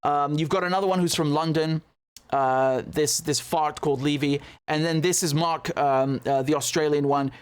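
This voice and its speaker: Indignant, sarcastic male commentator, higher voice. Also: fairly even intonation, normal speed, smooth. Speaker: political commentator. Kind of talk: video commentary reacting to clips.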